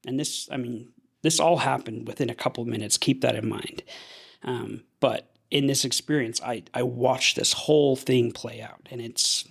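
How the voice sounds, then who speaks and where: A young man from Idaho, a podcast guest, telling a personal story in an earnest, halting way with frequent restarts. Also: medium pitch, fairly even intonation, gravelly, breathy edge.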